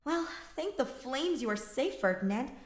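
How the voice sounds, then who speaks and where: A woman voicing a bossy, sharp-tongued young woman mage with a brisk, teasing manner in a read-aloud story. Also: sits high, expressive, echoey room, voice pushed up.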